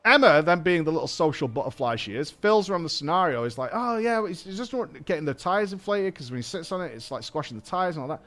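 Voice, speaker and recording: A man's voice: fairly high pitch, fast, few pauses. A man, a streamer host, telling a story in casual chat, swearing and imitating people he met. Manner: animated, swearing, mimics people in his story. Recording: faint music underneath.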